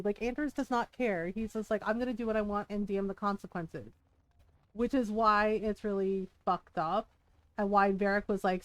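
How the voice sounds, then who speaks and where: A woman's voice: high voice, a little mellow, no echo. A woman game streamer in casual livestream chat, ranting heatedly, swearing often and breaking into laughs.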